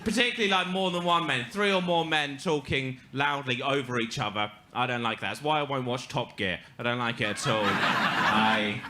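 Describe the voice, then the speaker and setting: A young English man doing stand-up storytelling with a nasal, deadpan, self-deprecating delivery. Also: mid-range voice, moderate pace, background noise. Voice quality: nasal and monotone. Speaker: stand-up comedian. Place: live storytelling stage with audience.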